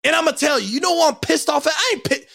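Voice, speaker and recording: Angry high-pitched man ranting about sports. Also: fast talker, gravelly, sharp tone. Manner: angry, profane, emphatic ranting. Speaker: sports commentator. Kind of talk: profane sports rant.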